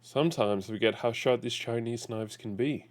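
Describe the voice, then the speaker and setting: A man's voice: medium pitch, normal speed, close to an everyday voice. A man voicing a menacing male gangster extorting a chef in a video game, with a sneering, taunting delivery.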